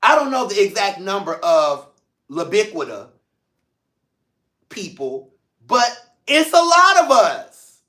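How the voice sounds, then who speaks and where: A man hosting a show, speaking to viewers in an emotional, expressive way with playful asides. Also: high-pitched, slow, long pauses, roomy sound. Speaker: host. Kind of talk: heartfelt personal talk to viewers.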